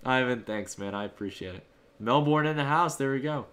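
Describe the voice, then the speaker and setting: A man's voice: medium pitch, a little fast, fairly bright tone. A man hosting a live stream, answering his viewers' chat messages in a casual, upbeat, rambling way. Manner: loose, rambling delivery with fillers and restarts. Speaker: livestream host.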